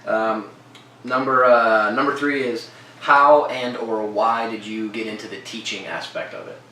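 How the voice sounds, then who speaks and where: A man's voice: fairly low pitch, steady tone, unhurried, sharp tone, a little hiss or hum. A young man asking interview questions in a casual, enthusiastic way, hesitating with lots of fillers. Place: gym. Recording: echoey room, mic far off.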